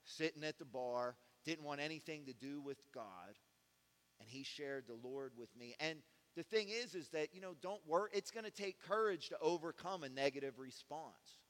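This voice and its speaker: Male pastor, sermon, bright and forceful tone, slightly high voice, long church reverb. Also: animated, moderate pace. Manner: conversational preaching that swings from soft to loud and fervent.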